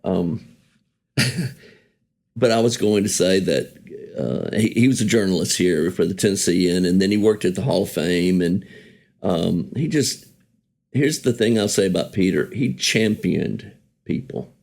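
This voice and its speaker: A low-voiced man, a songwriter guest, remembers an old friend through easygoing, rambling stories. He speaks unhurriedly with frequent pauses in a slightly mellow tone, often correcting himself and chuckling along the way.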